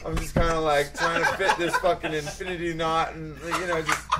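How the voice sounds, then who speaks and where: A man's voice: fairly high pitch, level tone, brisk, very noisy. A man telling a rambling, profane story in a casual chat among friends. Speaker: podcast co-host.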